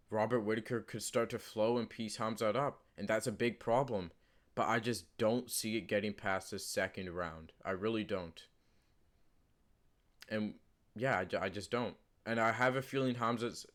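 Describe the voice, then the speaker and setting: Low-voiced man rambling through fight picks. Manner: rambling, many fillers and restarts, emphatic repeats. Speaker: channel host giving fight predictions. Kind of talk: casual unscripted commentary.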